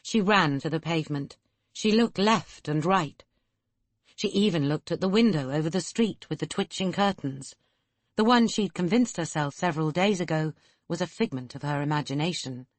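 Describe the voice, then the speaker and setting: A woman reads an audiobook with a low, grounded voice and a measured, steady storytelling pace. The recording is dry and close, with no room sound around her. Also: dry recording. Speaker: audiobook narrator. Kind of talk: audiobook narration.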